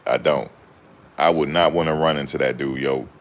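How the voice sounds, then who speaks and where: A man's voice: extremely low pitch, steady tone, normal speed. A young man chatting casually to camera in loose, slangy banter, often laughing. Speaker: vlogger.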